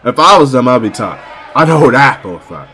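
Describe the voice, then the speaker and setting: A young man commentating a wrestling video game with loud exclamations and slangy, excitable talk, his voice going squeaky. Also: brisk, soft background music, poor audio.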